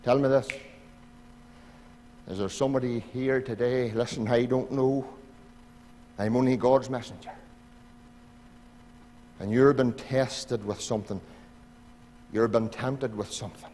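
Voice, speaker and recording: A Northern Irish pastor preaching a sermon in a church, pleading with his congregation and swinging from loud appeals to hushed asides. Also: mid-range voice, fairly even intonation, measured pace, long pauses, slight background noise. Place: church sanctuary. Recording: church hall reverb.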